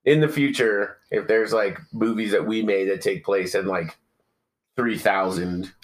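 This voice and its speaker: A man's voice: fairly low pitch, steady tone, a little slow, rough recording. A man co-hosting a podcast in casual chat, swearing freely and joking as he retells a story. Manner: profane, joking, mocks old-timey speech. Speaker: podcast co-host.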